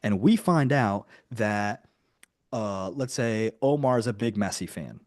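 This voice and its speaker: Chatty, energetic man coaching live. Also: on the low side, measured pace, dry recording, studio quality. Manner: energetic and chatty, full of asides. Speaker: business coach. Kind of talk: live online coaching lesson.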